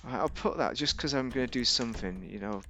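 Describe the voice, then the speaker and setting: A man with a gravelly, fry-tinged voice talks his way through a game in loose, chatty commentary. He rambles, jokes and argues with himself, and his pitch jumps up and down mid-sentence. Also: fairly quick, fairly bright tone, a little hiss or hum. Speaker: gaming video host. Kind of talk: casual gameplay commentary.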